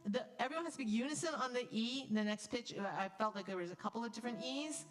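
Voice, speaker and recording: A woman choir director coaching a choir in rehearsal, upbeat and brisk, breaking into sung demonstrations. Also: a little high, poor audio.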